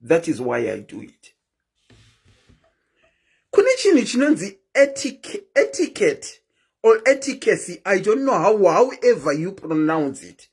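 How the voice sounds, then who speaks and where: A woman's voice: on the low side, very animated, unhurried, long pauses, a little mellow, breathy edge. A woman hosting a live stream, chatting casually and keeps asking her viewers questions.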